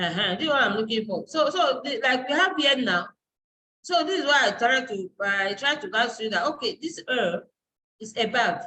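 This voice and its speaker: Bright-voiced woman lecturing a class. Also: fairly high pitch, expressive, normal speed, a little hiss or hum, poor audio. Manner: explanatory, searching aloud for terms. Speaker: university lecturer and dean. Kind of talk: live online class lecture.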